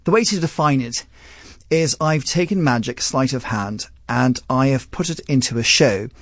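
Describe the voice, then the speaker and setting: A man with a posh southern English accent, a magician guest on a radio show, telling stories in an animated way and laughing often. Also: mid-range voice, moderate pace, no echo, clean studio sound. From London. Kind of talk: radio interview.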